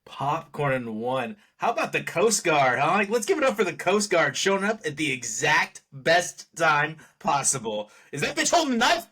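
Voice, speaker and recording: A man's voice: fairly high pitch, big pitch swings, moderate pace, few pauses, pushed and bright, slightly rough. Wry, laughing man reviewing a movie. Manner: wry, sarcastic, often laughing. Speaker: podcast co-host. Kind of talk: casual movie review chat.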